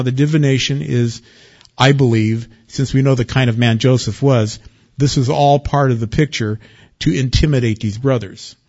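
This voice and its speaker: Husky male preacher, lo-fi sound. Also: mid-range voice. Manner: expressive, swings from loud excitement to quiet warning. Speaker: pastor. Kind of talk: sermon.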